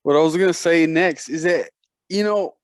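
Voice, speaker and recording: A man's voice: on the high side, moderate pace, no room sound. A young man chatting casually as a podcast guest, rambling with restarts and casual swearing. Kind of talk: casual chat.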